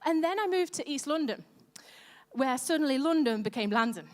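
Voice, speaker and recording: A woman's voice: high-pitched, lively intonation, moderate pace. A woman pastor giving a sermon, chatty and self-deprecating, asking her congregation questions. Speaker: pastor on church lead team. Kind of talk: sermon with audience interaction. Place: large church hall. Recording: echoey church hall reverb.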